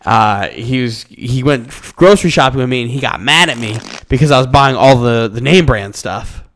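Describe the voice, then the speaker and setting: A young man in casual podcast chat, ranting and swearing with loud, animated jumps in pitch. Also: moderate pace. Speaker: podcast co-host.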